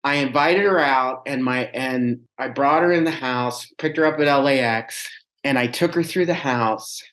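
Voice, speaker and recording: A man's voice: medium pitch, moderate pace. Chatty man telling a story. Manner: animated, chatty, rambling with restarts. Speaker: podcast guest. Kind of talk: casual storytelling chat.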